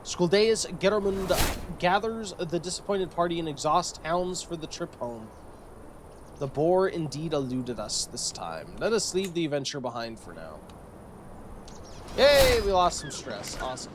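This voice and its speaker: A man's voice: a little high, animated, normal speed, slight background noise, low-quality recording. Joking male game streamer. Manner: joking, sarcastic. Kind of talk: casual game commentary, reading event text aloud.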